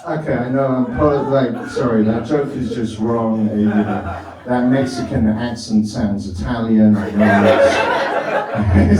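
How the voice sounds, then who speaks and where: A man's voice: medium pitch, animated, normal speed. A middle-aged man doing a rambling, self-mocking stand-up set, often laughing at his own jokes. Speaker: stand-up comedian. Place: comedy club stage. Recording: echoey club from far off with crowd.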